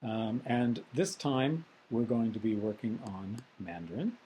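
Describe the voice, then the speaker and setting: A man teaching a recorded software tutorial lecture, methodical and explanatory with frequent ums. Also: lowish voice, a little slow, slight background noise, rough recording. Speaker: instructor.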